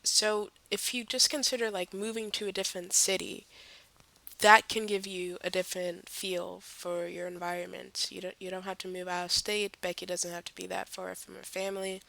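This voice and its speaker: A woman hosting a reaction video, pausing clips to give critical, rambling commentary with some hesitation. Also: on the low side, creaky, sharp tone, rough recording. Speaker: reaction channel host.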